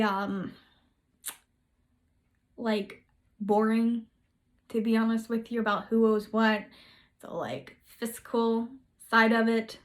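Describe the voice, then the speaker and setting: A woman's voice: on the high side, normal speed. A woman telling history in a casual, chatty way, full of sarcastic, playful asides. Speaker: history video host.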